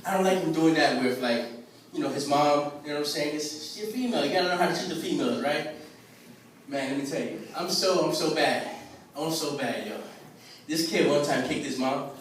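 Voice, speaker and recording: A man with a fairly high voice doing laid-back, streetwise stand-up and chatting with the crowd. The sound is very echoey and comes from a mic some way off. A busy dinner crowd sits behind him. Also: a little fast, distant mic, slight background noise. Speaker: stand-up comedian. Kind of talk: open mic stand-up comedy. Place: restaurant dinner show. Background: lively crowd laughing.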